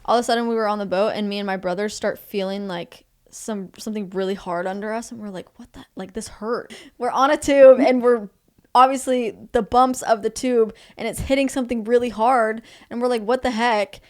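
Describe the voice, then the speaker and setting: A young woman from Texas tells a story as a podcast guest. She rambles and restarts her sentences as she goes. Her voice sits a little high. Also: steady tone, fairly quick. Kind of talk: casual storytelling.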